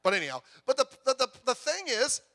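A man preaching a sermon as pastor, in a lively, conversational way with jokes and quick self-repeats. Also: very high voice, vocal fry.

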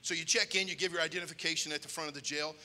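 Animated high-voiced preacher in a church. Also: male voice, very fast. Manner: animated, acts out voices and shouts. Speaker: pastor. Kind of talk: storytelling sermon. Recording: long reverb of a church hall.

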